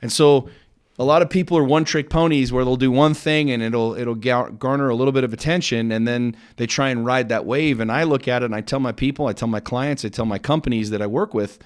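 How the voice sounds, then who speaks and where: A man's voice: mid-range voice, fairly quick, smooth. A middle-aged man delivering a motivational monologue on his own podcast. He speaks bluntly and with intensity, swears freely, and hammers points home by repeating his words. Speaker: podcast host and business coach.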